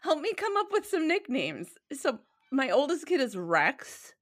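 A woman's voice: sits high, wildly swooping pitch, a little slow, dry recording, studio quality. A woman, a mother of three, hosting a casual chat and reacting with gasps and laughs. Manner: reactive, gasping and laughing along.

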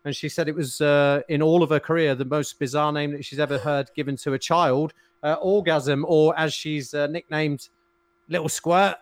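A man's voice: on the high side, fairly even intonation, no room sound. Chatty man with a dry close sound. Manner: chatty, halting with fillers, crude humour. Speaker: podcast co-host. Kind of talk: casual banter.

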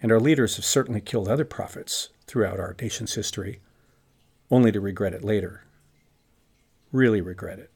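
Guy doing a gloomy pharisee muttering low to himself, gravelly, sick of himself. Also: brisk, long pauses. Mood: bitter. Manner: low, quiet inner monologue of self-reproach. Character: remorseful middle-aged male Pharisee, brooding and self-accusing. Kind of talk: dramatized inner monologue in a lecture.

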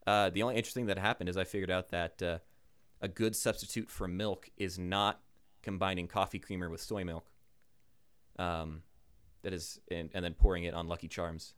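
A man's voice: deep voice, steady tone, moderate pace, fairly bright tone, smooth. A young man co-hosting a podcast in casual chat, joking and bantering with friends. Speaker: podcast co-host.

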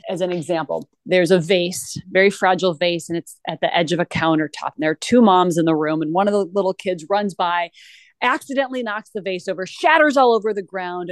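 A woman's voice: on the low side, fairly quick, no room sound. A woman guest talking earnestly in a conversational interview, with frequent restarts. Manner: earnest, animated, with many restarts.

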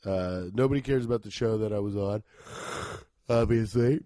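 A man in his thirties rambles through a comedic podcast monologue, cursing freely and getting worked up. His voice is stuffy and sniffly from allergies, and sits at an ordinary middle pitch. The sound is dry and close, with no room around it. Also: measured pace, no echo. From Cincinnati, Ohio. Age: 30s. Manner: rambling, profane, excitable. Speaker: podcast host.

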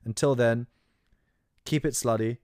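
A man's voice: mid-range voice, fairly even intonation, a little slow, darkish tone, no room sound, studio quality. A young man hosting a solo podcast, talking casually in a crude, sarcastic way with lots of ums. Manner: crude, sarcastic, rambling with many fillers. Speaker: podcast host.

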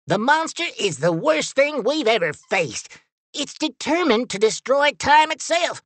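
A man's voice: very animated, measured pace, fairly bright tone, no echo, exaggerated voice. A man voicing Buford, a fussy, indignant male robot Time Ranger, in a storybook reading. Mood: alarmed. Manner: shrill, indignant, scolding. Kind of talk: storybook character voice.

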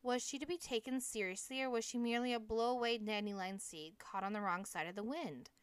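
Woman narrator, smooth clear voice, dry close sound, steady audiobook read. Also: on the high side, no room sound. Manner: steady, measured reading. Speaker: audiobook reader.

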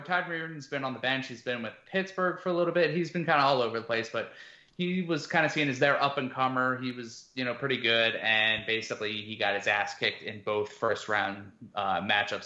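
A man with a mid-range voice co-hosts a casual sports podcast, rambling through his analysis with plenty of fillers. His delivery is brisk, pushed and bright, and the recording sounds roomy, dull and lo-fi.

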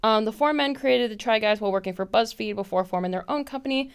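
Animated woman podcaster with a smooth voice. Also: fast talker. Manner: animated storytelling, acts out quotes in a high voice, swears. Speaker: podcast host. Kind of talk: casual solo podcast chat. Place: apartment.

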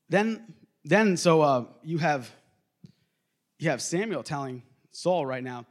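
A male pastor with a high voice preaches a sermon in an animated, conversational way. He often calls out to the congregation and chuckles between points. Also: slow, long pauses.

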